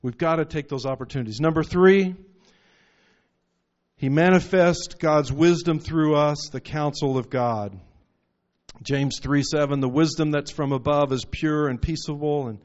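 A man's voice: on the high side, steady tone, measured pace, a little mellow. A man preaching a sermon, telling stories and rising into emphatic bursts. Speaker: pastor. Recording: muffled lo-fi recording.

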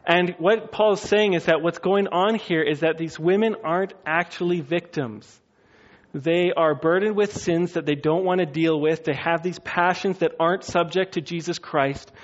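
Guy preaching casually, bit of a high voice, muffled lo-fi sound. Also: normal speed. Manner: conversational, acts out quotes with funny voices. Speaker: pastor. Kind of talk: sermon.

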